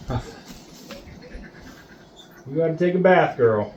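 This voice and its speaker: A man's voice: on the high side, expressive, slow pace, pauses often, faint music behind. A man on a homestead talking casually and soothingly to his chickens and dog in the coop on a winter day. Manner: gentle, coaxing, soothing talk to animals. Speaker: homesteader vlogger.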